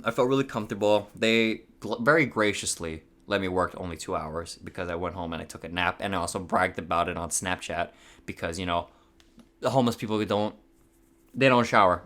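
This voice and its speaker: A young man from Hawaii rambles through a story on his podcast, his voice fairly low in pitch and fairly bright. He swears a lot, laughs at himself, and his voice cracks now and then in this casual storytelling.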